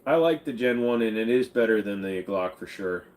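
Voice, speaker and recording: A man's voice: fairly low pitch, lively intonation, moderate pace. A man hosting a casual livestream Q&A, answering viewer questions in a blunt, offhand and joking way. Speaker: channel host.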